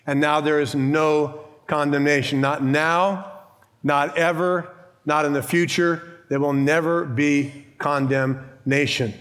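A man's voice: on the high side, a bit bright. A man who is a pastor, preaching a sermon in a church with an emphatic, conversational style, rhetorical questions and bits of humor.

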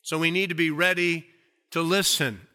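A man preaching a sermon as pastor, slow and deliberate, stretching out key words for emphasis. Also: on the high side, fairly even intonation, sharp tone.

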